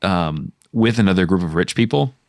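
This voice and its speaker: Deep-voiced man, dry close sound. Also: animated, moderate pace, darkish tone, dry recording. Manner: hesitant, many fillers, jumps into high-pitched character voices. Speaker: podcast co-host. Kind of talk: casual brainstorming chat.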